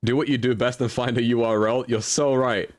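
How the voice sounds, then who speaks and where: A man's voice: medium pitch, steady tone, a little fast, no room sound, clean studio sound. A young man streaming live, chatting casually as he thinks aloud through a guessing game and answers his chat.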